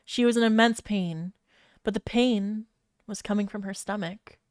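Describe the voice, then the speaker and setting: A woman's voice: mid-range voice, unhurried, darkish tone, smooth, no echo, clean studio sound. A woman streamer reading fanfiction aloud and breaking off to react with giggles and exclamations.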